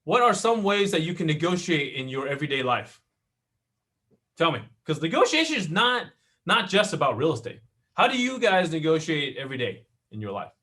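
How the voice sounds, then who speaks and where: An animated middle-aged male instructor teaches a live online class. His voice is bright and forceful and sits a bit high. He keeps checking in with his audience as he goes. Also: fairly quick. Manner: animated, constantly checking in with "right?". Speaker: real estate class instructor.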